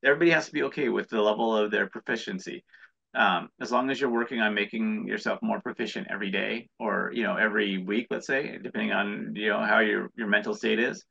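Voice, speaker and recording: A husky, sharp, fairly low voice with vocal fry comes fast and with fairly even intonation. It belongs to an American entrepreneur guest in a casual interview who rambles earnestly and restarts often, recorded on dull lo-fi audio.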